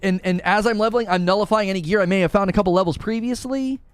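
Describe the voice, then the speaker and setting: A man's voice: high-pitched, fast, clear, resonant tone, no room sound. A man ranting sarcastically in a video commentary about a game, exasperated and mocking. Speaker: gaming commentator.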